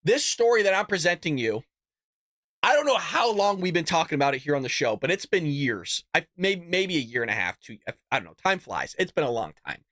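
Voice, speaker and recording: A man's voice: on the high side, big pitch swings, brisk, a bit bright, no echo, studio quality. A man hosting his own political commentary show, talking bluntly and animatedly, with laughing asides. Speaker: host.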